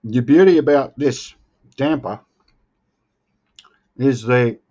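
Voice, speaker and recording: A man's voice: medium pitch, slow pace, mellow, dull audio. An Australian man chatting casually with viewers on a live stream, joking and playfully defending himself. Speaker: livestream host.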